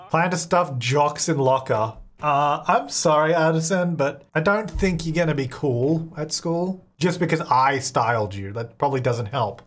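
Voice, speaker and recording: A man giving casual let's-play commentary on his game, chatty and playful, often laughing and speaking his characters' thoughts aloud. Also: on the high side. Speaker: gaming video creator.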